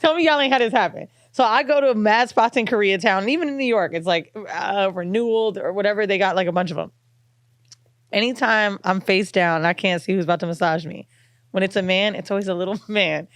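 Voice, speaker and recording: A woman co-hosting a podcast, telling stories in a lively way and laughing through her lines. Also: medium pitch, brisk, no room sound. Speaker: podcast co-host. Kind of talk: casual podcast chat.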